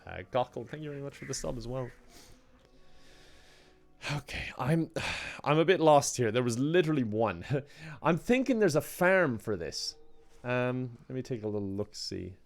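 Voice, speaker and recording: A young Irish man chatting casually on a live game stream, reading out and thanking chat messages in a relaxed way and laughing often. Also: mid-range voice, moderate pace, gravelly, pauses often, soft background music.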